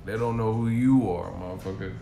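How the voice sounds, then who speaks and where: A man's voice: on the low side, a little fast, creaky, mellow, a little hiss or hum. A man ranting on a stream in a profane, mocking way from a hotel room. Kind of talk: casual rant. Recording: echoey room.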